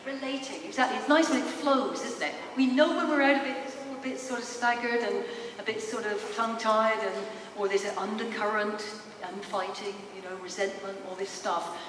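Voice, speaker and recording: Woman psychologist, engaging expo talk, higher voice, heavy hall echo, far from mic. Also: brisk. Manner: lively, engaging, asks the audience questions. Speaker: psychologist and speaker. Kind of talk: public presentation. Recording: echoey hall, distant mic, faint noise.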